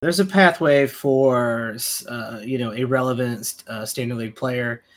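A man's voice: mid-range voice, a little slow. Laid-back male podcast host. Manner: laid-back, joking, trash-talking. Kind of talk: casual podcast chat.

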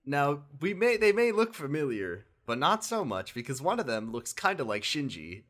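Recapping a video game on a podcast, this male co-host talks casually in a fairly high voice at a normal pace. His delivery is lively, broken up by frequent laughter and by acting out quotes from the characters.

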